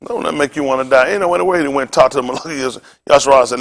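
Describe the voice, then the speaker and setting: A male pastor preaching a sermon in animated, informal street talk, throwing questions back to the congregation. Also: medium pitch, very fast.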